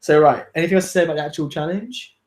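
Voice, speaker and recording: A young man co-hosting a casual live-stream chat, quick, emphatic and opinionated, with plenty of fillers. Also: on the high side, lively intonation, darkish tone.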